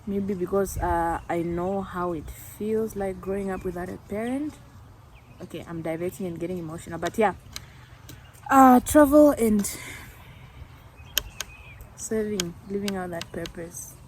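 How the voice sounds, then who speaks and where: A woman's voice: mid-range voice, normal speed, darkish tone, a little hiss or hum. Earnest young woman chatting in a vlog. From Namibia. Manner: earnest and reflective, often laughing at herself. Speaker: YouTuber. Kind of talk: casual vlog chat.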